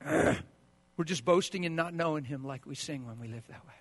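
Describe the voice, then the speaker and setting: A man pastor preaching a sermon, swinging between hushed asides and loud bursts and acting out the quoted voices of spouses. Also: fairly high pitch, fast, no room sound.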